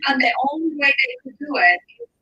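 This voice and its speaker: Woman, accented, high bright voice, animated chatty guest on a video call. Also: a little fast, poor audio. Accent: foreign accent. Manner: animated, enthusiastic, repeats herself. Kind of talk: casual chat.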